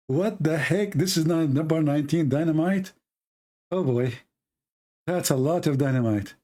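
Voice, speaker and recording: Hosting an online show, a man with a fairly high, warm voice talks at a moderate pace. He mocks things casually and laughs at what he says himself. Expect rambling speech, many fillers and restarts, and grammar slips from a non-native English speaker.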